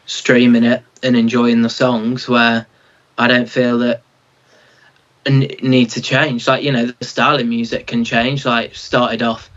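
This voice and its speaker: A man's voice: mid-range voice, flat delivery, a little slow, a bit bright, dull audio. A young man from Manchester with a Mancunian accent, speaking as a singer-songwriter guest, plain-spoken and proud, with lots of "like". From Manchester, England. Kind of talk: casual interview.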